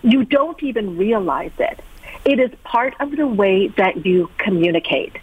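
A woman's voice: mid-range voice, lively intonation, unhurried, slightly rough. A woman speaking as a guest coach in an interview, explaining in a direct, emphatic coaching manner. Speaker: guest, peak performance coach. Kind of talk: interview answers. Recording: tinny, dry phone line.

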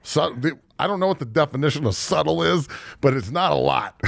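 Gravelly, profane man in his forties. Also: mid-range voice, a little fast, no room sound. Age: 40s. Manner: profane, heated and emotional. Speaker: podcast host. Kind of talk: casual sports chat. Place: studio.

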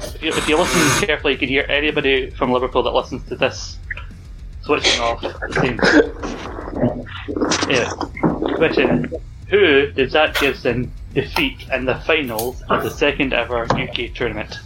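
A man hosts a casual podcast quiz. He reads each question out slowly and clearly, then drifts into quick banter with the panel. Background music plays clearly behind his voice. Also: mid-range voice, steady tone, poor audio. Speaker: quiz host.

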